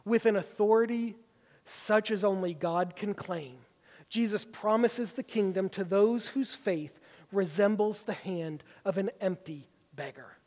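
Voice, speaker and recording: A man's voice: high voice, a little slow. A man preaching a sermon, teaching through a Bible passage with emphatic stresses. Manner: emphatic, builds to forceful stresses. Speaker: pastor. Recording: long hall reverb.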